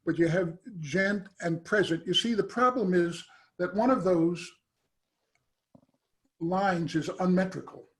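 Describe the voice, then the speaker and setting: Hesitant, halting man asking questions. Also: high-pitched, fairly bright tone. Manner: hesitant, halting, many "uh" and restarts. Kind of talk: academic Q&A question.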